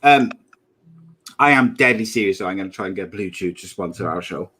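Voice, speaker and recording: A man's voice: low-pitched, expressive, brisk, pushed and bright, husky. A man in his thirties co-hosting a casual podcast chat, joking and often laughing at his own gags. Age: 30s. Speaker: podcast co-host.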